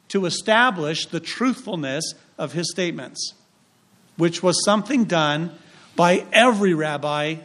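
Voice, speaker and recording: A male pastor delivering a sermon in a fairly high voice. He preaches emphatically, leaning on repetition and dramatic pauses, and slips into other voices for the quotes he acts out. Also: fairly bright tone.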